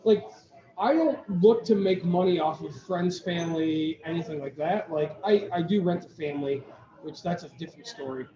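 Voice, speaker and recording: A podcast co-host with a fairly high-pitched voice tells a long story at a normal speed, chatting casually, rambling, restarting, and quoting what others said. He's in a brewery taproom, and the recording is echoey and dull, with crowd chatter around him.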